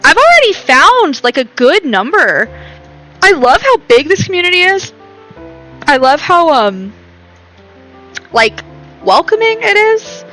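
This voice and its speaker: A high, bright-voiced woman chatting casually to her live-stream viewers from a home computer setup. She is bubbly and giggly and pokes fun at herself, with faint game music playing underneath. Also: sing-song, unhurried, long pauses, low-quality recording. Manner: bubbly, giggly, self-deprecating.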